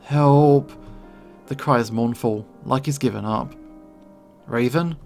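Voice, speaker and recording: A man reads a visual novel aloud in first person, steady and tense, his mid-pitched voice carrying a gravelly fry. Soft music plays quietly behind him. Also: brisk. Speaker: gamer reading a visual novel. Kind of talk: first-person story narration.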